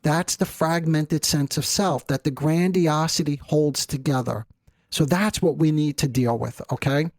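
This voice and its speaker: A middle-aged male therapist giving an educational talk in a measured, explanatory way with rhetorical asides. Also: on the high side, dry recording. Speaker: therapist host.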